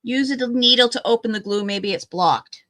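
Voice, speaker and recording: Bright-voiced woman co-hosting a craft stream. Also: on the high side, normal speed, dry recording. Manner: chatty, reads out viewer comments. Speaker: crafting co-host. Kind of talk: casual crafting livestream chat.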